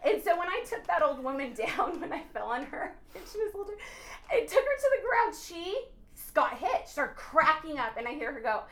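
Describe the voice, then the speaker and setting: Woman, high voice, animated, earnest, preachy, podcast faith testimony. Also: normal speed. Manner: animated, bursts into laughter and exclamations. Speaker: podcast guest. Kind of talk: excited faith testimony chat.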